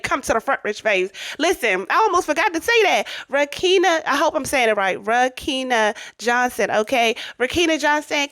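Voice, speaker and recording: A woman's voice: high-pitched, fairly bright tone, dry recording. A woman giving an emphatic, repetitive motivational pep talk, full of slang and calling the listener girl and babe. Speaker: self-help vlogger. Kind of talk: motivational monologue.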